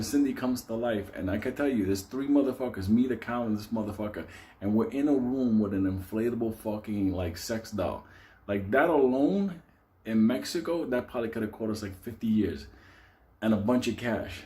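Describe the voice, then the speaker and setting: Man, mid-pitched warm voice, profane animated storyteller who laughs through his lines. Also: moderate pace. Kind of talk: casual profane anecdote telling.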